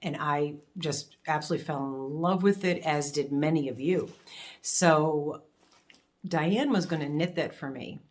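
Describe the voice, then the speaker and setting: A middle-aged woman with a notably low voice hosts a casual unboxing vlog. She gushes over each item and gets emotional, laughing easily as she talks to her viewers. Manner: gushing and emotional, quick to laugh. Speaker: crafting channel host.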